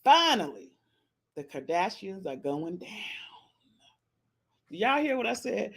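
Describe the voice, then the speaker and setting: A woman with a husky, creaky mid-range voice speaks slowly, leaving long pauses. As host of a casual live-stream podcast, she talks animatedly and playfully to her chat, calling out meows, using African American Vernacular English speech patterns.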